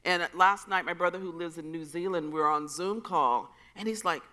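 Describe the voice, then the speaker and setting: Woman, low pitch, earnest and emphatic, poet on a panel, festival stage. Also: moderate pace, bright, forceful tone. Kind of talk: panel conversation.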